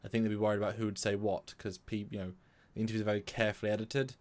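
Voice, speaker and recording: British male co-host, eager and rambling, lowish voice, casual live-stream chat. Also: flat delivery, very fast, darkish tone. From Britain. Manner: enthusiastic, rambling with restarts.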